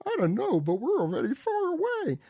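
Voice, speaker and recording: A bunch of frightened little kids, whining and squeaking in high, thin voices, as a man reads them out. They sound like a storybook read aloud at bedtime, lively and close to the mic, with no room sound. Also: fairly quick, vocal fry, no room sound, muffled recording, heavily acted. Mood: whiny. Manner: squeaky, plaintive storybook reading. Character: scared whining young kids.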